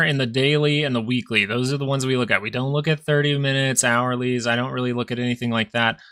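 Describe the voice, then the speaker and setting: A man's voice: medium pitch, pushed and bright. A young man hosting a live stock market stream, casually thinking aloud as he reads charts. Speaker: stock market livestream host. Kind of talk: live chart analysis commentary.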